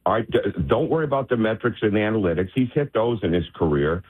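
A man's voice: on the low side, lively intonation, quick pace, slightly rough. A man, a basketball coach, calling in to a sports radio show and speaking emphatically. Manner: emphatic, insistent. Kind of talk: phone interview on sports radio. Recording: tinny phone line.

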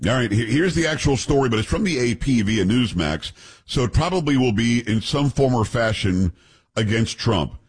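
A man hosting a radio talk show, telling stories in a lively casual way and slipping into voices. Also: medium pitch, moderate pace, husky. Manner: animated storytelling, puts on voices in anecdotes.

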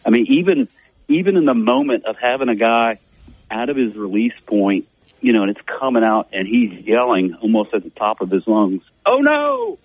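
Man, middle-aged, very low husky voice, rambling radio guest, dry narrow phone-like sound. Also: normal speed, no echo. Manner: rambling, many "you know" fillers. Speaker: former player and guest. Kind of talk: casual radio interview.

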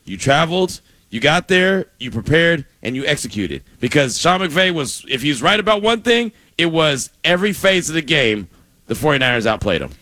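A man co-hosting a sports radio show, animated and joking in casual banter. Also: on the high side, no room sound. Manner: animated, joking, talks quickly.

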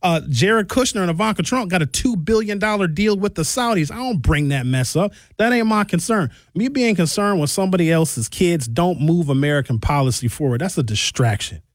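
A man's voice: high voice, lively intonation, brisk, hardly any pauses, dry recording. A man hosting a radio talk show, reading listener texts aloud and answering them in a frank, conversational way from the studio. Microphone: studio microphone.

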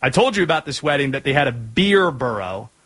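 A man's voice: mid-range voice, big pitch swings, fairly quick, fairly bright tone, slightly rough, rough recording. A married man from North Carolina hosting a sports podcast, chatting casually with rambling joking asides.

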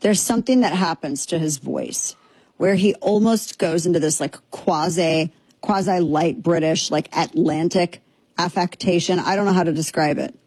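A woman hosts an opinionated talk segment with a sarcastic, mocking edge. Her voice sits a little low and sounds husky. The sound is dry and close. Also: normal speed, no echo. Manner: sarcastic, animated, mocking impressions. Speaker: commentary show host. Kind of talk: opinionated casual commentary.

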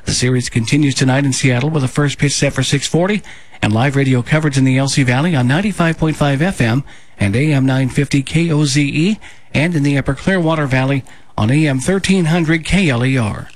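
A man in a radio studio reading local news bulletins in a steady, measured delivery. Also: medium pitch, dry recording. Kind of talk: scripted local news read.

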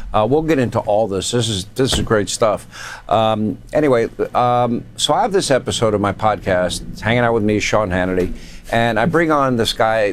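A man hosting a news talk show, chatty and quick to laugh with his guest. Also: fairly low pitch, slight background noise. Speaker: host.

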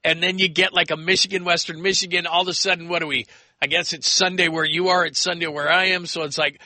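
The same American sports-radio call-in host has a very bright, high-pitched voice that barely moves in pitch. Rambling in quick bursts, he imitates the people he quotes, captured up close with no echo.

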